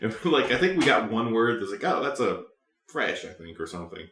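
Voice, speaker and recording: Laid-back man with a low voice. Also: sing-song, brisk, fairly bright tone, roomy sound. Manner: laughing storyteller who acts out quoted voices. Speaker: podcast host. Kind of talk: casual chat.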